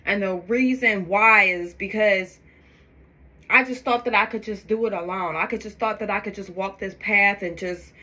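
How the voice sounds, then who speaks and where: A woman vlogging to her phone camera, talking in a forceful, preachy, emphatic way about faith. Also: mid-range voice, normal speed. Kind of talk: faith-filled get-ready-with-me vlog.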